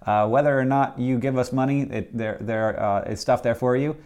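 A man's voice: mid-range voice, fairly even intonation, moderate pace, a little mellow, smooth. A man co-hosting a podcast in casual chat, playful, laughing often and restarting his sentences. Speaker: podcast co-host.

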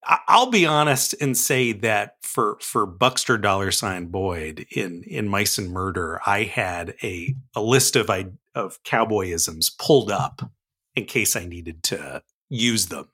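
A man's voice: on the low side, animated, slow pace, pushed and bright, breathy edge. A man on a podcast, chatting playfully about cowboy sayings and his actual play show, laughing often. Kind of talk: casual podcast chat.

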